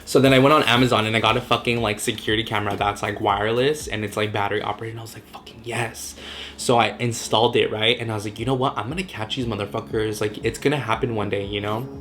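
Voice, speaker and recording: A man's voice: on the low side, fairly even intonation, fast, fairly bright tone, soft background music. A man in his twenties from Southern California, telling a casual storytime vlog. He swears constantly, leans on "like," drops in Spanish words and acts out his own reactions. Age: 20s. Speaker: vlogger.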